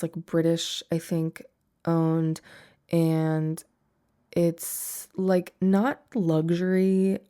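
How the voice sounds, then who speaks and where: A woman's voice: fairly low pitch, mellow. A young woman in her twenties hosting a solo podcast, chatting casually with lots of "like" fillers and frequent laughter. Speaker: podcast host.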